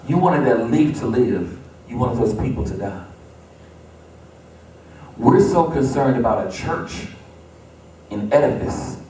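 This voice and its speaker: A man's voice: medium pitch, dark tone, a little hiss or hum. A man preaching a sermon as pastor, building to emphatic repeated refrains in a church sanctuary. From United States. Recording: echoey church, distant mic.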